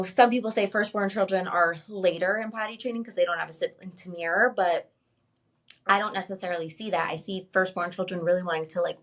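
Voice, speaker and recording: A woman's voice: on the low side, vocal fry, fairly bright tone. A woman working as a parent coach, explaining child development in a casual chat, often checking with "right?". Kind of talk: casual chat, giving advice.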